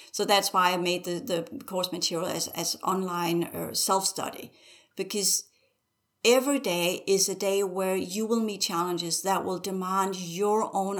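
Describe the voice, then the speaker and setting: A woman's voice: fairly low pitch, a bit bright. A woman teacher speaking as a podcast guest, urgently exhorting listeners with strings of rhetorical questions. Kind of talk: podcast conversation.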